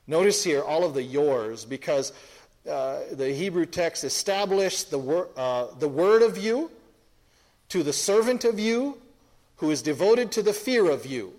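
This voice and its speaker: A man's voice: fairly high pitch, a little mellow. A man preaching an expository sermon to a congregation, emphatic, often repeating phrases and restarting sentences.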